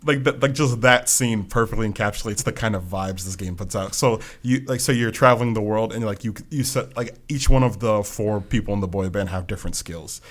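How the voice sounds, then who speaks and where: A man co-hosting a podcast in casual chat, animated and quick to laugh, with lots of "like" fillers. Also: on the low side. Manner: animated, laughing often, heavy use of "like". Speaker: podcast co-host.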